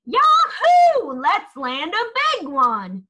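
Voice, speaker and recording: A woman voicing a boisterous, very loud cowboy boy in a storybook read-aloud, hollering with exuberance. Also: sits high, wildly swooping pitch, very slow, pitched above the performer's own voice, exaggerated voice. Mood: exuberant.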